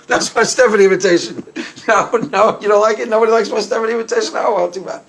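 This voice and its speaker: A man with an unusually high-pitched voice talks casually to his viewers. He jokes, rambles and repeats phrases over and over. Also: fast talker, a bit bright. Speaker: YouTube commentator. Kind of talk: casual commentary.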